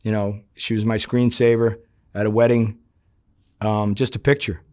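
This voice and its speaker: Profane, animated storytelling man. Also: lowish voice, moderate pace, no room sound, studio quality. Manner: profane, animated, acts out quoted dialogue. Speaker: former undercover FBI agent. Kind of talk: storytelling in a sit-down interview. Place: home in New Jersey.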